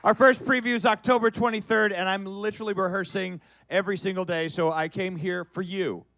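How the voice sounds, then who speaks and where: A middle-aged man telling a comic story on a cabaret stage, animated and building to loud shouts. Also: high-pitched, brisk, a little hiss or hum. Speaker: guest performer.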